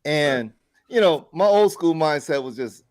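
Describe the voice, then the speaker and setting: A man co-hosting a podcast in casual chat, telling stories with animated, acted-out quotes. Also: a little high, a little slow. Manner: animated storyteller acting out quoted arguments. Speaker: podcast co-host.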